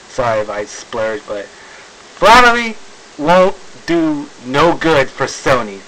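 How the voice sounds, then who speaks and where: Fed-up male vlogger, slow, with a faint hiss on the recording. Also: medium pitch, big pitch swings, sharp tone, poor audio. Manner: exasperated, sighing, frequent fillers and restarts. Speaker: video blogger. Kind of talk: ranting video commentary.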